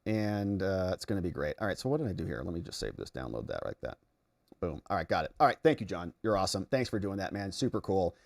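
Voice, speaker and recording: An American livestream host with a gravelly voice and quick pace reads viewer chat aloud during political commentary, reacting as he goes. His tone swings from excited outbursts to low mutters.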